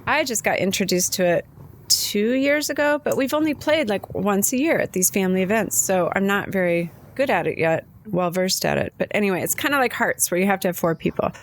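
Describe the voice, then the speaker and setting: A woman's voice: mid-range voice, lively intonation, fairly quick. A woman co-hosting a podcast, telling a personal story in casual, chatty conversation. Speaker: podcast co-host. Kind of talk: casual chat.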